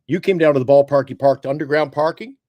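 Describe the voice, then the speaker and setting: A man co-hosting a casual sports talk show, telling stories in an animated, sarcastic way. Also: fast talker, no echo, lo-fi sound. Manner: animated, sarcastic storytelling with big swings of pitch. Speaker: podcast co-host.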